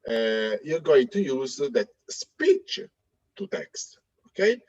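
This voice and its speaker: A man presenting a live software demo, talking in a hesitant way with many fillers and restarts. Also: medium pitch, big pitch swings, takes it slowly, slightly rough, no room sound, lo-fi sound. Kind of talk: live tech demo talk.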